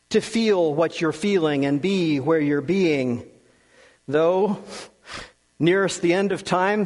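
A man with a fairly high voice preaches slowly and earnestly, leaving long pauses and letting key words sink low and soft. His voice rings out with a long reverb, as in a large hall. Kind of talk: sermon.

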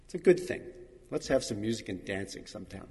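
A man's voice: lowish voice, lively intonation, quick pace, creaky, mellow, big-room sound. A man preaching a sermon, reading scripture aloud and acting out the voices he quotes. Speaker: pastor.

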